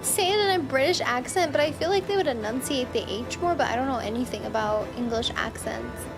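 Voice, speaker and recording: A woman streamer talks casually while playing, musing and second-guessing aloud. Her voice sits high. Game music plays clearly underneath her. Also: fairly quick. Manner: musing, unsure, chatty.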